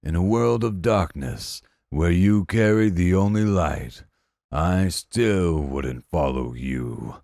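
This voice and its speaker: A man voicing a stoned young worker who speaks slowly and solemnly. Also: deep voice, animated, gravelly, a little mellow, dry recording, studio quality, exaggerated voice. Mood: mocking. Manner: slow, drawn-out, solemn. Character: stoned young man making a grand exit.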